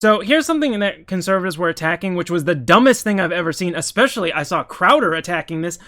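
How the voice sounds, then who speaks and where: A man with a notably high-pitched voice delivers casual political commentary, reacting to news pieces. He talks in an opinionated, heated way and keeps breaking off to restart his sentences. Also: lively intonation, fast talker, bright, forceful tone.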